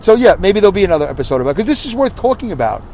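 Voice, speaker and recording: A man's voice: sits high, very animated, racing, gravelly, darkish tone, slight background noise. A middle-aged man hosting his own podcast, talking through a hard stretch of his life in an earnest, rambling, confessional monologue. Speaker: podcast host.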